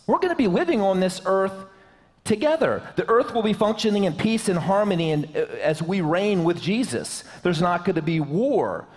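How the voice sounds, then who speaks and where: A man's voice: high voice, big-room sound. A man preaching a sermon to his church, in a joking, conversational way. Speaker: pastor. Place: church sanctuary.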